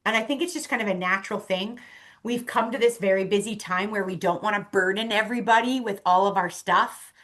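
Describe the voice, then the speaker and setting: A woman's voice: mid-range voice, brisk, a bit bright. A woman talking as a podcast guest, earnest and conversational, with many fillers and restarts. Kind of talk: casual conversation.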